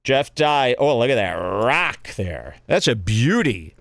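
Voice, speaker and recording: A man's voice: mid-range voice, sing-song, slow pace, fairly bright tone. A man hosting a comedy podcast, reacting to clips aloud with sarcastic, mock-enthusiastic commentary. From Texas. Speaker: podcast host.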